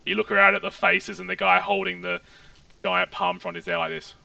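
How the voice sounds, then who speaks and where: A man's voice: sits high, little pitch movement, fairly quick, gravelly, sharp tone, dry recording, distant mic, lo-fi sound. A man serving as game master, narrating a tabletop game in a loose, hesitant way full of fillers.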